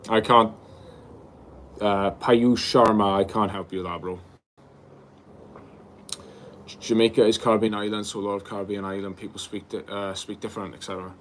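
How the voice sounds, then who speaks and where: A young man with a slightly low voice hosts a relaxed livestream, reading viewers' comments aloud and answering them casually. He talks in an easygoing way and often calls people bro. A faint ambient hum sits behind his voice. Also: moderate pace, pauses often. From Wales. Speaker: livestream host.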